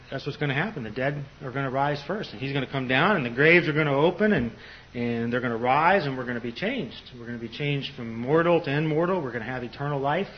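A man's voice: mid-range voice, a little hiss or hum. An older man teaching on a Bible passage in a conversational sermon, full of "you know" fillers and restarts. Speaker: preacher. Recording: slightly dull lo-fi recording.

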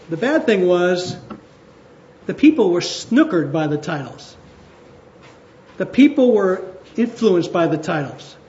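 Man, pastor, sermon, high voice, conversational, slow emphatic phrases, echoey church hall, dull lo-fi. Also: a little mellow.

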